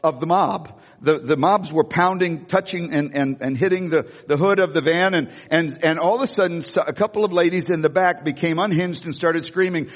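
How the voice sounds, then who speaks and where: A man preaching in a church sanctuary, telling a story with animated energy, stumbling over restarts and acting out the voices of others. His voice sits a little high for a man, and a long hall reverb trails behind every phrase. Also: fairly quick, hardly any pauses. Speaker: pastor. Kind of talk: sermon with storytelling.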